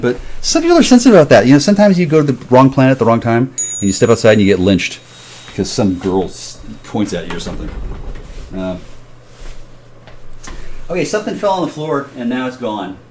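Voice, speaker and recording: Rambling, profane man with a lively voice. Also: mid-range voice, a little fast, slight background noise. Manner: rambling, profane, drifting off on tangents; mumbles and trails off between thoughts. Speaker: vlogger. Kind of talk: rambling solo monologue.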